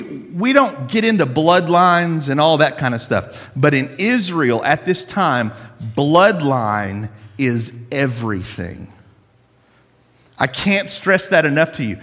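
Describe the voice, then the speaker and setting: A pastor with a high, very lively voice preaches in a casual, slangy storytelling manner. His voice carries a long reverb from the large hall. He speaks to a congregation in a room. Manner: animated, conversational, slangy storytelling. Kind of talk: sermon.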